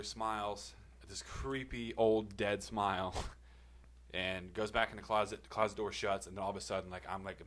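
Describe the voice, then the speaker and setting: A man's voice: on the low side, fairly bright tone. A man on a podcast telling a personal story in a loose, rambling way, swearing often and laughing between lines. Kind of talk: casual storytelling.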